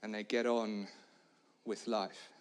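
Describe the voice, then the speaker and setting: A man preaching a sermon, retelling a story dramatically, moving between hushed, quiet lines and loud shouts. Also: lowish voice, level tone, slow, smooth.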